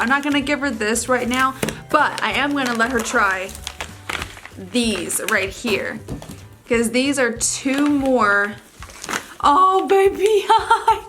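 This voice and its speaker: A young woman with a high, sweet voice talks at an easy, unhurried pace as she unboxes a gift for her dog. She chats casually from her couch and coos baby talk at the pet. Faint music plays under her voice. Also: pushed and bright. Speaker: beauty vlogger. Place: living room couch.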